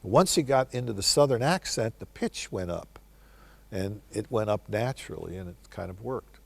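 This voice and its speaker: A man's voice: on the low side, lively intonation, normal speed, creaky, no echo. An older man, a film director, telling wry, reflective stories in answer to interview questions.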